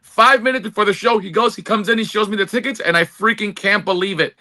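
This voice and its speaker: High bright voiced guy, excited and rambly, casual podcast chat. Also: fast. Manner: excited, rambling, restarts often. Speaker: podcast co-host.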